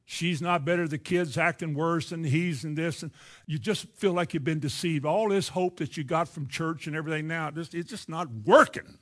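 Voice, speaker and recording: A man's voice: a little high, fairly even intonation, moderate pace, fairly bright tone. A man with a Kentucky accent preaching a sermon in a folksy, earnest way, acting out the voices he quotes.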